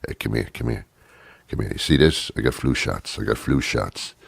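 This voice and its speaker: A man voicing a shady male street dealer who hustles passersby in a low, pushy patter. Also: normal speed, vocal fry, slightly rough, no echo, heavily acted. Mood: hustling. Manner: hushed, pushy sales patter.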